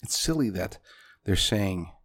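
A man's voice: sits low, expressive, a little slow, slightly rough. A man delivering a punchy political commentary monologue, speaking directly to his listeners as folks.

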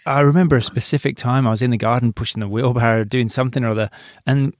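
A male podcast host who backs up his guest with a steady stream of agreement and shares his own stories in a relaxed way. His voice is recorded dry and close, with no room sound around it. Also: mid-range voice, fast, no echo. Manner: agreeable, encouraging, frequent yeahs. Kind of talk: casual interview chat.

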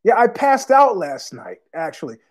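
A man with a fairly high voice hosts his own podcast and rambles through stories, swearing freely and piling on fillers. He is fighting a cough as he talks. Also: very animated, normal speed. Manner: profane, digressive storytelling with many fillers. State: has a cough. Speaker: podcast host. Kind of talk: casual rambling monologue.

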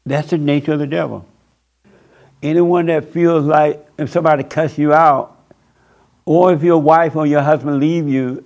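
Male preacher, slightly high, gravelly voice, blunt and mocking delivery. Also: darkish tone. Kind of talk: sermon.

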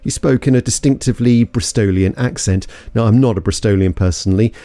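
A man's voice: lowish voice, a little fast, dark tone, no echo, soft background music. A man from London narrating an investigative story in a suspenseful, scripted way. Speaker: podcast narrator.

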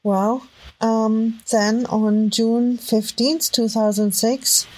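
A woman with a strong German accent talks through her findings in a casual podcast. Her voice sits a little high, and she stops, restarts and fills gaps with ums as she thinks aloud. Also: level tone, darkish tone, rough recording. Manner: halting, thinks aloud with many fillers and restarts. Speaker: podcast host. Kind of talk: casual commentary while browsing web posts. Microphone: home microphone.

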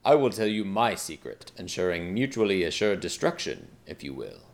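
A bumbling young king from a comic fantasy story, whiny and earnest, as a man puts him on. He rambles sincerely and never seems to catch on. The voice stays fairly low. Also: big pitch swings, moderate pace, gravelly, heavily acted.

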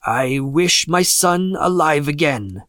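A man's voice: on the high side, expressive, slow pace, fairly bright tone, no room sound, studio quality. A man reading aloud and voicing a frightened old father who speaks unsteadily and falters. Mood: fearful.

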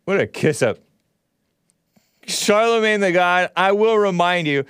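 A man's voice: sits high, expressive, measured pace, a bit bright, smooth, no echo, studio quality. A man hosting his own show, giving sarcastic commentary over news clips with mocking asides. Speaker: show host.

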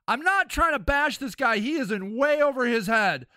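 A man's voice: very high voice, lively intonation, moderate pace, hardly any pauses, bright, forceful tone, dry recording, clean studio sound. A man hosting a reaction commentary, blunt and sarcastic, questioning what he hears. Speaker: commentary host.

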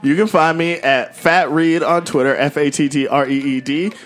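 A man co-hosting a casual sports podcast, loud and joking, laughing often. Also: on the high side, fairly even intonation, moderate pace. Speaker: podcast co-host. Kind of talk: casual chat.

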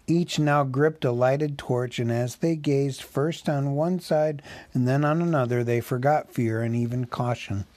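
Male reader, unhurried, dry close sound, mid-pitched. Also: dark tone, no room sound. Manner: slow, measured storytelling. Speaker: audiobook reader. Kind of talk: reading a novel aloud.

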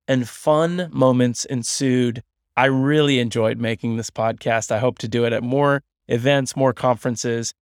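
A man's voice: medium pitch, smooth, dry recording, clean studio sound. A man hosting a podcast, who introduces the episode and interviews guests in a loose, upbeat, chatty way. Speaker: podcast host. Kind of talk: casual podcast chat.

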